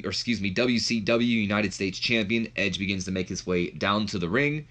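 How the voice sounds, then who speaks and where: Lowish man rambling through game commentary. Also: moderate pace, few pauses, fairly bright tone. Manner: rambling, self-deprecating, with fillers. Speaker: let's play host.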